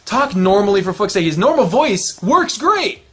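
Man, host, high-pitched, excitable, ranting, swearing a lot, casual chat. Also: normal speed, a little hiss or hum.

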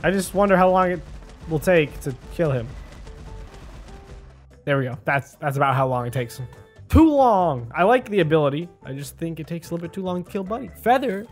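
A man doing casual gameplay commentary, chatty and excitable, often talking to the character on screen. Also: a little high, a little fast, soft background music. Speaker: gaming video host. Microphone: desk microphone.

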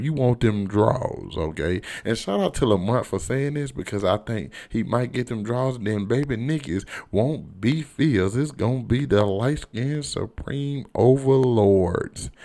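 A man's voice: on the low side, gravelly, a little mellow. A man casually reviewing a TV episode, talking loosely and profanely, and leaning on "you know what I'm saying". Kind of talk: casual unscripted review vlog.

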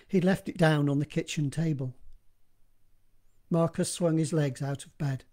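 A man narrating his own horror story in a steady, measured reading, recorded in one live take. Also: a little high.

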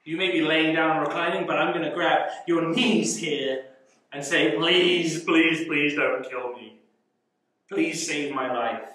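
A desperate, groveling villain , put on by a man, begs for mercy with slow, stretched-out pleas. The voice sits a touch high and is heard from far off in a very echoey room. It stays clinging and pitiful throughout. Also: a bit bright, close to an everyday voice. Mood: begging. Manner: pleading, drawn-out repetitions. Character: desperate groveling male villain begging for life.

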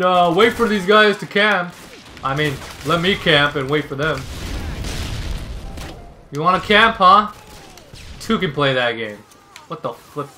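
A man giving live commentary on his own gameplay, ranting, yelling and sarcastically griping at teammates. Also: fairly high pitch, slight background noise. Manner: raging, yelling outbursts at teammates.

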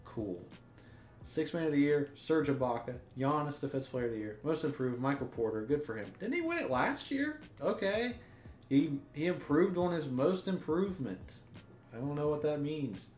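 A man's voice: fairly high pitch, expressive, normal speed, darkish tone. A young man giving gameplay commentary, ranting in exasperation, swearing and restarting his sentences. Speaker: gaming YouTuber. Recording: roomy echo with faint music.

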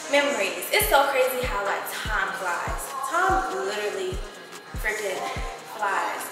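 A woman's voice: mid-range voice, very animated, measured pace. A woman vlogging in casual chat, gushing and laughing often as she shows things around. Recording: echoey room with long reverb and music behind.

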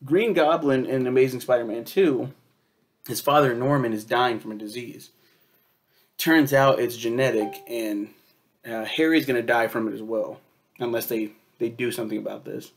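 A man reviewing a superhero film in a loose, rambling way, swearing often and filling pauses with um and like. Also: mid-range voice. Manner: rambling, profane, lots of fillers and quoted asides.

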